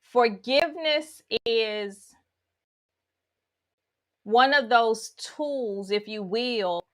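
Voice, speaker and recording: A woman's voice: on the high side, bright, forceful tone. A woman giving a spiritual teaching talk, guiding listeners through imagery with folksy asides.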